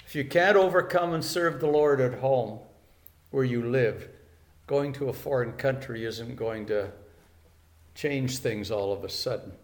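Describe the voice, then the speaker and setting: A man's voice: mid-range voice, a little slow. An older man preaching a sermon in an earnest way, repeating key phrases for emphasis.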